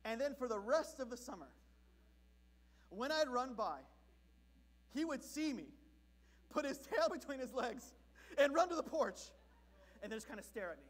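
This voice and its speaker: A man from Southern California preaching a sermon as pastor, telling a story in an animated, comic way. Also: extremely high pitch, normal speed, long pauses.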